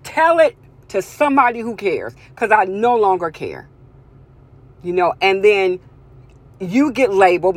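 Blunt woman ranting with heavy swearing. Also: mid-range voice. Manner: blunt, emphatic, repetitive, swearing freely. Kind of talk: profane personal rant to camera.

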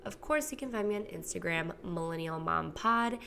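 Chatty gravelly-voiced woman podcast host. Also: lowish voice, lively intonation, normal speed, fairly bright tone, a little hiss or hum. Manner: chatty, candid, swears freely, acts out quotes. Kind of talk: casual solo podcast monologue. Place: home, recorded alone.

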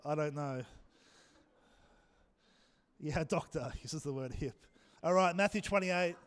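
A man's voice: a little high, a little slow, pauses often, clean tone, long reverb tail. A man, preaching a sermon and joking with the congregation. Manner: jokey, chatty with the congregation. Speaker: pastor. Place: church hall.

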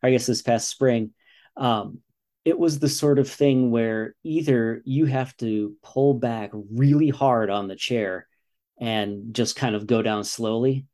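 Man in his forties, American, mellow warm voice, earnest, explaining patiently. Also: mid-range voice, slow. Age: 40s. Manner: earnest, explaining with repeated "you know". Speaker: guest, father and runner. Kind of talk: casual interview talk.

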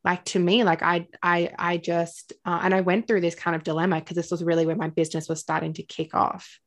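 A woman's voice: lowish voice, flat delivery, brisk. A woman who coaches clients, chatting casually about spirituality in a rambling way, full of "like" and "um". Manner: rambling, filler-heavy, with many "like"s. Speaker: coach with her own business.

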